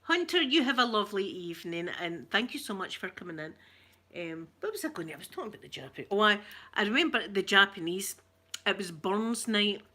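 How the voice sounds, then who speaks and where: Bright-voiced Scottish woman chatting. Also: medium pitch, lively intonation, a little fast. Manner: chatty storyteller who laughs often. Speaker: livestream host. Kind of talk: casual chat with viewers.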